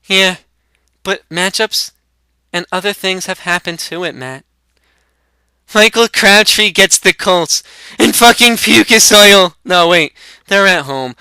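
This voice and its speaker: A man's voice: high-pitched, takes it slowly, pauses often, bright, forceful tone, clear, resonant tone, no echo, pitched above the performer's own voice, heavily acted. A man putting on a smug young stoner. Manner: smug, crude trash talk. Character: cocky profane young male stoner.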